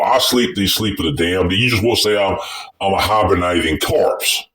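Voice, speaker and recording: A man's voice: on the low side, fairly bright tone, far from the mic, low-quality recording. A man casually telling a personal story, in a rambling and profane way that is full of restarts.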